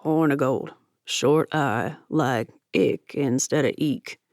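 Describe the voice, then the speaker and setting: A woman's voice: big pitch swings, slow, creaky, a little mellow, no room sound, clean studio sound, full character voice. A woman voicing a polite, modest young man getting fitted for his wedding suit. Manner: polite, plain, low-key.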